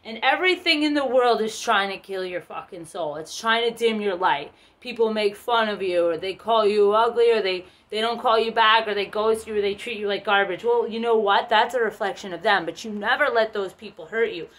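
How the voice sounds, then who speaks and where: A woman's voice: mid-range voice, fairly quick, hardly any pauses, fairly bright tone. A woman giving a casual tarot reading, rambling and chatty with lots of swearing. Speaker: tarot reader.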